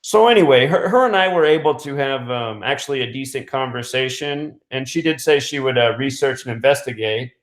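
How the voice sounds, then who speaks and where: A man's voice: mid-range voice, a little fast, few pauses. A man host telling a long story in a loose, casual way, full of fillers, restarts and small chuckles. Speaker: radio host. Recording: roomy echo.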